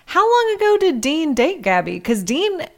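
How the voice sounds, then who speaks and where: A woman's voice: high-pitched, sing-song, moderate pace. A woman in her thirties co-hosting a podcast, in casual chat with wry jokes and playful asides. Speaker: podcast co-host.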